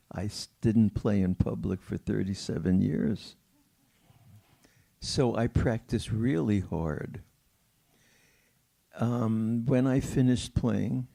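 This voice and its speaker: Slow gravelly older man telling stories. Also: lowish voice. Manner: slow, warm storytelling with laughter and quoted voices. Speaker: pianist at a Q&A. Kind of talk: storytelling at a film Q&A. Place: theater.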